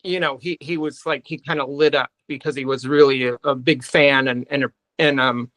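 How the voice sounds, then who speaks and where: Halting male musician guest. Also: medium pitch, fairly even intonation, a bit bright, dry recording, low-quality recording. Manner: halting, many fillers and restarts. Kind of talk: casual interview chat.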